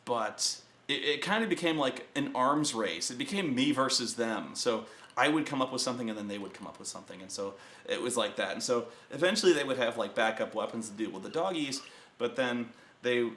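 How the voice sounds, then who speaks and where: A man hosting a show, telling a tabletop gaming story in a casual, profane rant and acting out the players in loud bursts. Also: medium pitch, a little fast, echoey room. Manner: profane, animated, acts out players and himself in shouted bursts.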